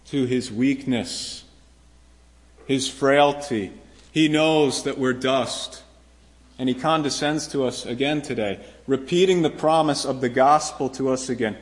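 A male pastor preaching a sermon to his congregation, earnest and emphatic, often repeating phrases and lifting his voice when he quotes a promise. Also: a little high.

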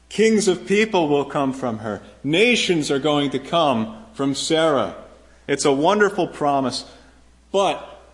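A male pastor preaching a sermon to his congregation, earnest and emphatic, often repeating phrases and lifting his voice when he quotes a promise. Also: a little high.

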